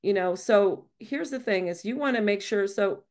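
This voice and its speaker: A woman social media trainer walking viewers through a webinar screen-share, talking fast and chatty with frequent restarts. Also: mid-range voice, darkish tone.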